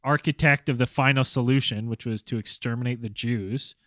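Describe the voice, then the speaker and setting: Halting man reading from notes. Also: mid-range voice, steady tone, fairly bright tone, no echo. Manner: halting, reads names from notes. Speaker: podcast co-host. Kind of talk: casual chat.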